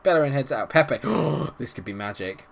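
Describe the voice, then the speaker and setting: A young man commentating on his football management game, swinging from low muttering to excited shouting. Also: moderate pace, creaky. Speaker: gaming YouTuber. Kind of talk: let's-play commentary.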